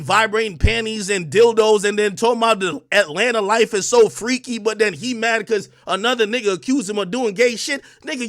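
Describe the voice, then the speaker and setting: A man on a livestream, ranting loudly and profanely at a rival, swinging between shouting and calmer talk. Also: high voice, no echo, clean studio sound. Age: adult under 45. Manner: loud, profane, combative, swings from shouting to calm. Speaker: streamer commentator. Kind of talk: heated livestream rant.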